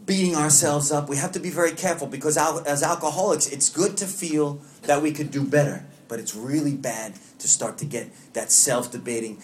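This man's voice is on the high side and moves at normal speed, with a little hiss or hum in the recording. Hailing from Long Island, New York, he leads a recovery meeting and shares personally with the group, earnest and self-deprecating.

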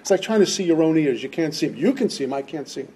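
A middle-aged man gives an impassioned, preacherly personal testimony at a recovery meeting, racing along and repeating lines for emphasis. His voice is on the high side and animated, with a dark tone and a breathy edge.

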